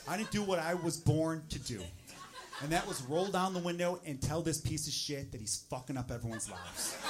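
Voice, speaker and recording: A man's voice: fairly high pitch, noisy background. A male stand-up comedian telling a profane, worked-up story on a club stage.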